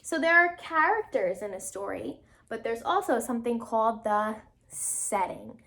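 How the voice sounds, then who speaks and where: A woman's voice: on the high side, animated, moderate pace, a bit bright. A woman teacher reading a storybook aloud to her class, telling it dramatically and stopping often to ask the children questions.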